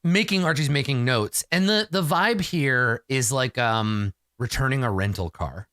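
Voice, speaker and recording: A man's voice: medium pitch, animated, measured pace, sharp tone, dry recording, studio quality. A man narrating as game master, chatty and laughing often.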